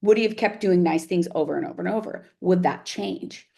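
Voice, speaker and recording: A woman's voice: on the low side, brisk, vocal fry, mellow. A woman teacher talking casually to camera, often checking in with "right?" and "like". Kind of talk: casual reflective talk to camera.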